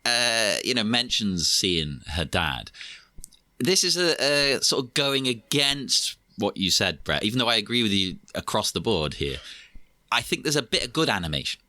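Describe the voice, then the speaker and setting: Bright-voiced man making dry jokes. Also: lowish voice, big pitch swings, moderate pace, no echo. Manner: wry, joking asides. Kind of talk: casual chat.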